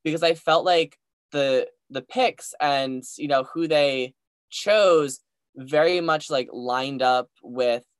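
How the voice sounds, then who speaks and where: A man's voice: fairly high pitch, takes it slowly, smooth, no echo, studio quality. Hesitant, rambling male co-host. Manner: hesitant, rambling, full of hedges. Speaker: podcast co-host. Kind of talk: casual chat.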